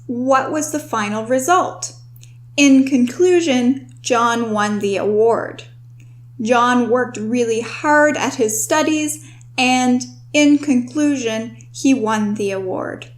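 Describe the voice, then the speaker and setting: A young woman hosting a vocabulary lesson, explaining words in a clear, instructive way and slowing down to stress key terms. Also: fairly high pitch. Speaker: host and writing tutor.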